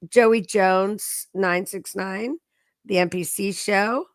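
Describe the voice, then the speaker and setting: A woman chatting casually on a livestream as co-host, unhurried and hesitant with fillers. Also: medium pitch, steady tone, no room sound.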